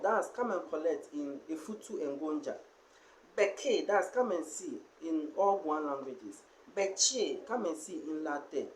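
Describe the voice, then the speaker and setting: A language teacher giving a spoken lesson on pronunciation, explaining slowly and pausing often with fillers. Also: mid-range voice, darkish tone, slight background noise, poor audio.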